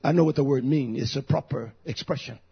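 Fiery raspy man in his fifties preaching. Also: brisk, muffled recording. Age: 50s. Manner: swings from hushed low growls to shouting. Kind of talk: fiery sermon.

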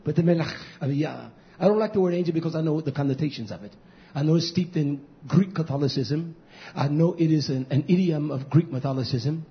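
A man preaching with fire, his fairly high voice climbing into shouts and then sinking to hushed near-whispers. He repeats his points with insistent emphasis. The recording is dull and lo-fi. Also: brisk. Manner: emphatic, repetitive preaching cadence. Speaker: pastor. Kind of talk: sermon.

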